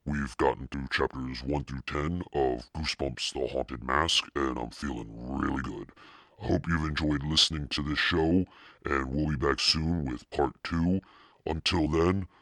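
A man voicing Satan as a demonic podcast narrator, reading a spooky children's story in a slow, menacing drawl with a husky, gravelly voice. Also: steady tone, fairly bright tone, dry recording, clean studio sound, heavily acted. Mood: amused. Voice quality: extremely deep, gravelly and husky. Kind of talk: scripted narration.

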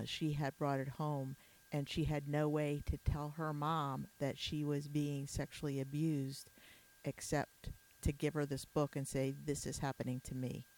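A woman's voice: low-pitched, a little mellow. A woman hosting a podcast interview, chatty and casual, with many fillers and restarts. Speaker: podcast host.

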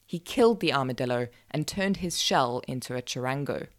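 A woman narrating a folk tale for a podcast with wry, deadpan asides. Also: rumbling low, brisk. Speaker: podcast storyteller. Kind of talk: scripted narration.

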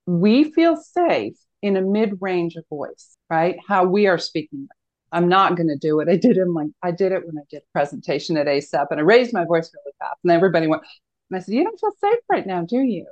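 A woman's voice: fairly low pitch, lively intonation, brisk, darkish tone. Teacherly woman guest on dull audio. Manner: earnest, teacherly, asks rhetorical questions. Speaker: counselor and author, guest. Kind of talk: explanatory podcast interview.

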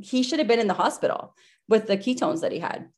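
A fast-talking, animated woman in her thirties, with a high-ish but darkish voice, guests on a podcast over a video call. She tells her story casually and breathlessly, leaning heavily on "like" and other fillers.

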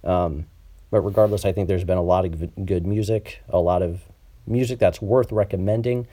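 A man's voice: deep voice, steady tone, normal speed, mellow. A man hosting a casual podcast over an online call, talking with a slightly nasal tone and lots of ums and restarts. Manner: chatty, many ums and restarts. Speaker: podcast host. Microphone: over Skype.

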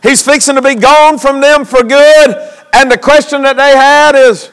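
A man's voice: very high voice, steady tone, moderate pace, a bit bright. A man preaching a sermon as pastor, calling for responses from the congregation in a church. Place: church sanctuary. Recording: long hall reverb.

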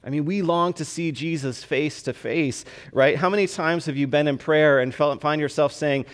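A man preaching as a pastor, talking to the congregation in a conversational, animated way that keeps asking "right?" and laughing along. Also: on the high side, moderate pace, hardly any pauses. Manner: animated, with frequent restarts. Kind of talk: sermon.

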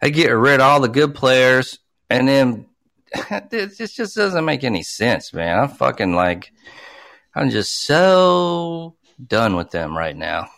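A man's voice: mid-range voice, very animated, slow, gravelly, a bit bright, no room sound, studio quality. A man co-hosting a casual sports chat, ranting and swearing freely as he makes his picks. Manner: profane, ranting, fired up. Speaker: sports podcast co-host.

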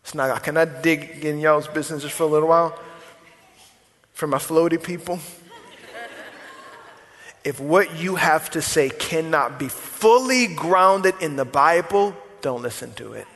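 A male preacher with a high, ringing, forceful voice delivers his sermon with emphatic repetition and folksy asides to the congregation. His words echo with a long reverb through a big church sanctuary. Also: a little slow, pauses often. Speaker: pastor. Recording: long reverb of a large hall.

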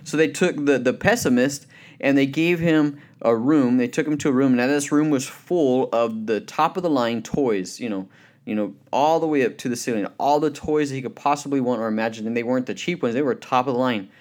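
A man delivers a motivational Christian talk at a mid-range pitch. He sounds earnest and conversational. He leans on "you know" fillers and brings his stories to life with quick acted voices. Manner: tells anecdotes with lively acted quotes. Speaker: speaker.

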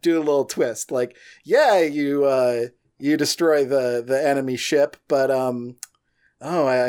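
A man's voice: mid-range voice, darkish tone. A man chatting casually as a podcast guest, talking about making games in a loose, rambling way with lots of restarts. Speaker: podcast guest, game designer.

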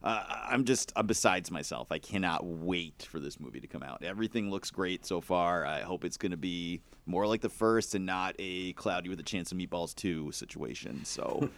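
A man's voice: deep voice, moderate pace, hardly any pauses. A man co-hosting a movie podcast, talking eagerly and casually. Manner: excitable, enthusiastic. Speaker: podcast co-host. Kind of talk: casual chat.

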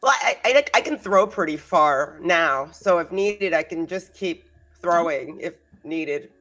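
A woman's voice: fairly low pitch, expressive, a little slow, a bit bright. A woman playing a tabletop game, joking and upbeat. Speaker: player. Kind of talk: casual tabletop play.

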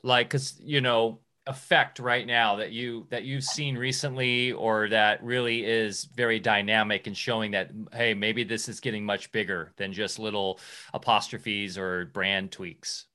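Man, host, bright voice, halting, restarts his sentences. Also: on the low side, steady tone. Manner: hesitant, stumbles on his words. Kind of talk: casual conversation.

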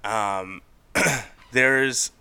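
Bright, animated young man chatting. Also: extremely slow, clear, resonant tone. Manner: animated storyteller, acts out quotes with big pitch jumps. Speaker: podcast co-host. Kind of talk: casual chat.

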